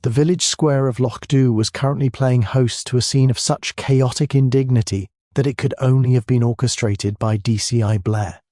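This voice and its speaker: A man reads a mystery audiobook in a steady, measured voice with a dark, mellow timbre. The recording is close and dry, with no room sound. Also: medium pitch, no echo. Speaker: audiobook narrator. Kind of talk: scripted narration.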